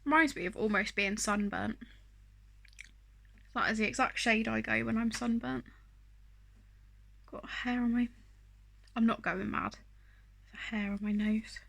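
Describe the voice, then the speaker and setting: A chatty woman talks her way through a makeup tutorial, wandering off-track and poking fun at herself. Her voice sits a little high and rings bright and forward. She fills her pauses with easy "um"s. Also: fairly even intonation, vocal fry. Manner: chatty, self-deprecating, rambling with fillers. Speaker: beauty vlogger. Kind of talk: casual makeup tutorial chat.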